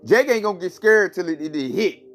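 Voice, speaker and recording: A man with a high voice delivering religious commentary on his vlog. He talks in a preachy, repetitive, slangy way, circling back to the same points. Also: lively intonation, brisk, soft background music. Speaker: channel host.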